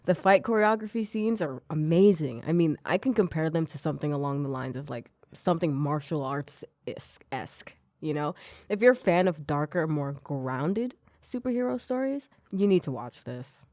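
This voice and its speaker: A woman's voice: low voice, expressive, normal speed, a little mellow, no room sound, studio quality. A young woman hosting a podcast, chatting casually and with strong opinions, trailing off into little rants. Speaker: podcast host. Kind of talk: casual recommendation chat.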